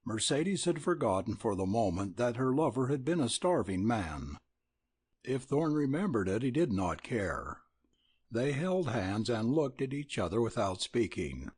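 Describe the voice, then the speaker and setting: A man narrating an audiobook in an expressive reading style. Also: mid-range voice, a little slow, husky. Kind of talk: scripted narration.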